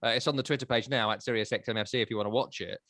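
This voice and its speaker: A man hosting a football chat show, talking in a wry, animated way that swings between loud and quiet. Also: on the low side, very fast, no echo, clean studio sound. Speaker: podcast host. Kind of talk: casual chat.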